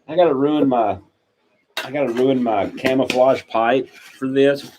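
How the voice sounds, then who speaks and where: A man's voice: medium pitch, a little slow, background noise. A middle-aged man with a Staten Island accent, co-hosting a casual pipe-smoking chat, joking and laughing often. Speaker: podcast co-host.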